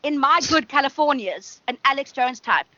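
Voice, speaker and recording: Brief: woman guest, bright tense voice, dry close sound, blunt and profane. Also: high voice, expressive, normal speed, dry recording, muffled recording. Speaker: musician guest. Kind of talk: casual chat.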